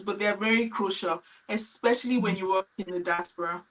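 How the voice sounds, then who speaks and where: A middle-aged woman teacher speaks earnestly in a live-stream panel. Her advice is explanatory and direct, with a mid-range pitch. She sounds a little distant from the microphone. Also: expressive, normal speed. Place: lives in England.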